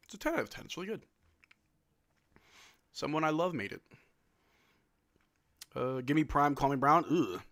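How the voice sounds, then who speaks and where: A young man from Louisiana hosting a casual livestream, chatting and answering viewers' questions with quick laughs. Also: medium pitch, bright, forceful tone. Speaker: livestream host.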